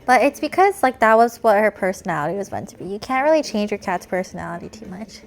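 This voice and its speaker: A woman's voice: medium pitch, lively intonation, fast, creaky, slight background noise. A young woman streaming, chatting casually and slipping into cooing baby talk to praise her cat.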